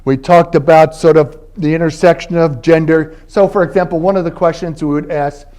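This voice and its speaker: An older man from Philadelphia, United States, gives an academic lecture at a university library event space, speaking in a conversational, anecdotal style and laughing between points. His voice is fairly high and a little mellow, with fairly even intonation and a slightly fast pace.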